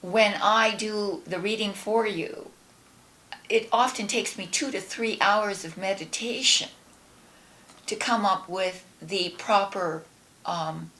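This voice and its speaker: Slow-spoken woman tarot reader. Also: mid-range voice, steady tone, fairly bright tone. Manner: slow, meditative, trails off and restarts. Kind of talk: casual chat and guided prayer.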